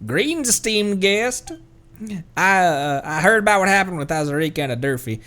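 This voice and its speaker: A man's voice: a little high, animated, moderate pace, fairly bright tone. A man voicing a polite, grim crocodile farmer in a put-on swamp drawl, stumbling over a few words. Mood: courtly.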